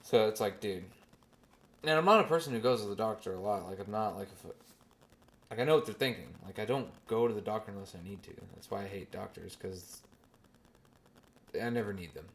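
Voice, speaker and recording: A young man hosting his own podcast, telling a story in crude, animated casual chat and mocking other people's voices. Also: lowish voice, fairly quick, long pauses. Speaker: podcast host.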